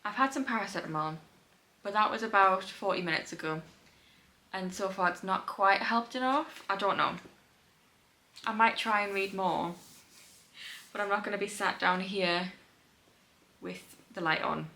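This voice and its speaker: Chatty young woman, bright voice. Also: mid-range voice, moderate pace, pauses often, rough recording. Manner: chatty, laughs often. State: tired. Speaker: book vlogger. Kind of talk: casual reading vlog. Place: home indoors.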